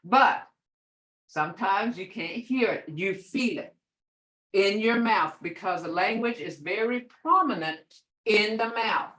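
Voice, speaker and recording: Older woman teaching slowly on a video call. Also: a little high, sharp tone, rough recording. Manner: patient, repeats words slowly to model tones. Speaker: language teacher. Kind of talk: online language class.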